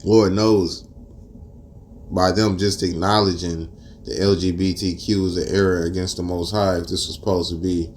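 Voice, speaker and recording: A man with teaching scripture in a casual street style, mixing verses with profane stories and rising loud and high when outraged. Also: flat delivery, normal speed, a little hiss or hum. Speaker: preacher.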